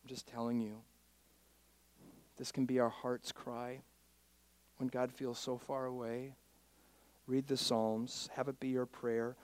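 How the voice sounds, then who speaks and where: A male pastor preaching a sermon who reads scripture loudly and fervently, then drops to hushed, intimate asides, often asking his congregation "all right?". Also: mid-range voice, fairly even intonation, measured pace, clean tone, no room sound. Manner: addresses the congregation directly with frequent "all right?".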